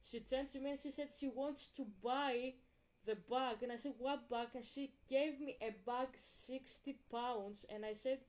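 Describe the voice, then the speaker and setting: A woman from Greece talks through a story for her vlog. Her voice sits a touch high. She rambles candidly, restarts her sentences often and swears without a second thought. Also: steady tone, moderate pace, low-quality recording. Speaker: vlogger.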